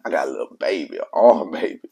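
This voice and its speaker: A man's voice: extremely low pitch, expressive, quick pace, vocal fry, warm tone, slightly rough. A man who is a father, telling his own life story in casual, slangy speech and repeating himself for emphasis. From Mississippi. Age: adult father of children.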